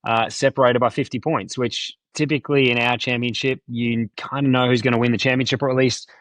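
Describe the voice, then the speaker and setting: An easygoing man talks as a racing guest on a sports show. His mid-pitched voice is recorded dry and close. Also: flat delivery, brisk, a bit bright, no echo. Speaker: motorsport driver guest. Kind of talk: guest interview.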